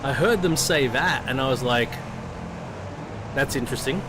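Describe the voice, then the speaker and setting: A man's voice: medium pitch, normal speed. A middle-aged Australian man telling a story in casual chat as a sim racing streamer, swearing freely and restarting his sentences often. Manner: profane, rambling, with frequent restarts. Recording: noticeable background noise.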